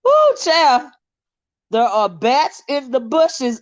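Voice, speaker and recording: High-voiced laughing woman livestream host. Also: huge pitch swings, slow pace, no room sound, highs cut off. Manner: laughs often, teases her chat, sidetracked and rambling. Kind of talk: casual live-stream chat reading viewer comments.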